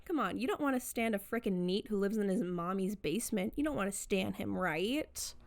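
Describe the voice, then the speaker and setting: A woman's voice: medium pitch, animated, a little fast, creaky. A woman voicing a snide young valley-girl troll with a mocking drawl.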